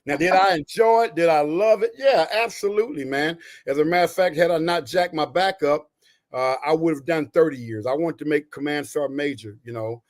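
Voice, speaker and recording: A man in his sixties from Texas tells stories from his military career as a podcast guest. His voice sits fairly high for a man and is animated and folksy, with lots of "you know" and "right?". He is a retired soldier talking to an interviewer. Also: a little fast.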